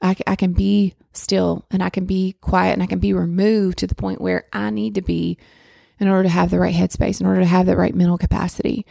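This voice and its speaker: A woman's voice: on the low side, level tone, a little fast, creaky, no echo, clean studio sound. A woman, talking candidly and rambling a little on her own podcast from home. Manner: candid, rambling, with restarts and soft laughs. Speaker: podcast host. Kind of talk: personal reflective monologue.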